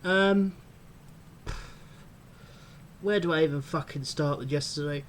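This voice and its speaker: Furious, swearing football fan. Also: male voice, sits high, takes it slowly, pauses often, darkish tone. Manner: furious, heavily swearing, ranting. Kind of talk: angry fan rant vlog.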